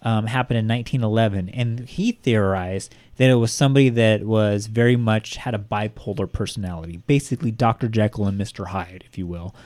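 Low, mellow guy hosting a podcast, chatty and rambling, dry sound. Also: steady tone, a little fast, hardly any pauses, no room sound. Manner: rambling, full of fillers, swearing. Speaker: podcast host. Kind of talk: casual true-crime podcast chat.

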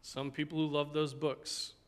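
A man's voice: fairly high pitch, level tone, measured pace. A man, a pastor, teaching a Sunday school class in an earnest sermon style. He often checks in with the listeners with "right?" and "okay?" and ends by praying aloud. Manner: ends in a spoken prayer.

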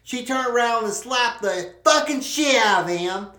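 Profane, slow-telling comic woman. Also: fairly high pitch, expressive, a bit bright. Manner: profane, rambling asides. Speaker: podcast host. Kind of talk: crude comic storytelling. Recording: roomy echo.

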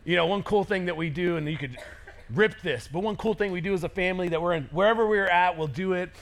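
Man, pastor, sermon, high-pitched, lively conversational preaching. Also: fast, slight background noise. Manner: energetic, conversational preaching with acted-out quotes.

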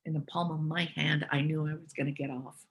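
A woman's voice: deep voice, level tone, fairly quick, highs cut off. A woman candidly telling personal stories and reflecting on them as she goes. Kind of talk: personal storytelling.

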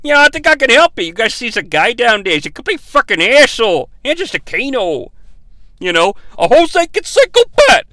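A man voicing a gruff masked male villain with a Brooklyn accent and wise-guy talk. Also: very high-pitched, sing-song, brisk, bright, forceful tone, no echo, pitched above the performer's own voice, heavily acted. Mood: scheming.

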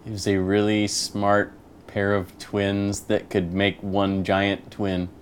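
A man's voice: lowish voice, monotone, takes it slowly, a little hiss or hum. A man co-hosting a casual podcast, defending his opinions and laughing often. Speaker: podcast co-host.

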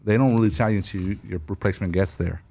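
A man's voice: on the low side, rapid-fire, vocal fry, warm tone, slight background noise. Slangy profane man telling stories. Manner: slangy, profane, storytelling with laughs. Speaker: guest telling war stories. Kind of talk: casual podcast chat.

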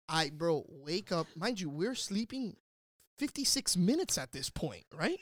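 A man telling a wild story in casual chat, animated and swearing, shouting out the lines he quotes. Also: a little high, measured pace, dry recording. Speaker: podcast guest storyteller.

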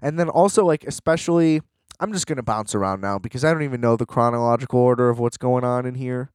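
A man's voice: mid-range voice, quick pace, darkish tone, clean tone, no room sound, clean studio sound. A young man in a rambling, sarcastic casual rant, full of fillers and restarts.

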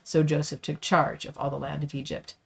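A woman reading Bible passages aloud for a Bible study, steady with small slips. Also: low-pitched, fairly quick, gravelly, breathy edge. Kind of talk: scripture reading.

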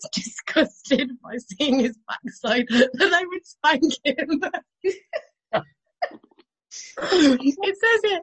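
A woman's voice: medium pitch, husky, poor audio. Giggly woman telling a story. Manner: giggly, amused while reading aloud. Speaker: podcast co-host. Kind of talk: casual storytelling chat.

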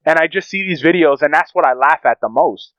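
A man with a slightly high, smooth, resonant voice rambles through a casual podcast chat, swearing freely. The sound is dry and a bit dull, like a lo-fi home setup. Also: a little fast, no room sound. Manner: profane, rambling, animated storyteller. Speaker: podcast co-host.

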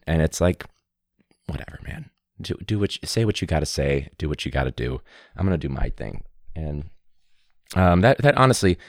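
A low-voiced man who teaches hosts his own podcast, talking solo in a casual, candid, rambling, wry way. He records on a studio mic with a pop filter, and there's no echo.

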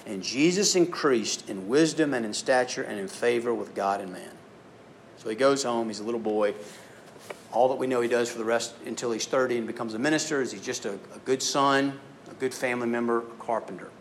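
A man preaching to a youth group, telling stories and acting out voices with animated delivery. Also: mid-range voice, a little fast, slight background noise. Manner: animated storytelling, acts out voices. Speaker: youth speaker. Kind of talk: youth sermon.

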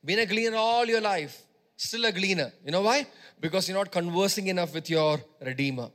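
High, bright-voiced emphatic male preacher. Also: a little fast. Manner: emphatic, repeats phrases for stress, swings between loud exhortation and quiet teaching. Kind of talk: sermon.

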